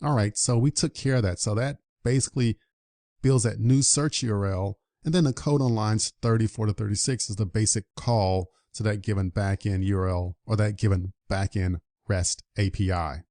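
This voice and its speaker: A man's voice: lowish voice, moderate pace, a little mellow, dry recording. A man teaching programming in a screen-recorded coding tutorial, upbeat and walking through each step aloud. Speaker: programming instructor.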